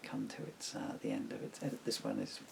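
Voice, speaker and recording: Older man, from England, meandering storyteller, very gravelly, slightly low voice. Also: little pitch movement, brisk, in a whisper, poor audio. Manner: meandering, full of fillers and asides. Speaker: songwriter talking to camera. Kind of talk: rambling personal reminiscence. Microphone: camera mic.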